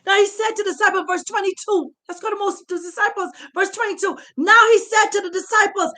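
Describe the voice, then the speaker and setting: Fervent high-voiced woman preaching. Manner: fervent, impassioned preaching with shouted exhortations. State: emotional, near tears at times. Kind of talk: sermon.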